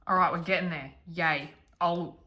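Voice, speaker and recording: A woman's voice: on the low side, steady tone, normal speed, bright, forceful tone. A woman hosting a guided coloring tutorial, chatting and mumbling to herself as she works. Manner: chatty, mumbling self-talk while working.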